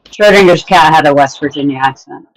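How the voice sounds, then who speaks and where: A woman's voice: deep voice, brisk, low-quality recording. A woman from Southern California, chatting casually with friends and laughing easily. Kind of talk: casual chat among friends.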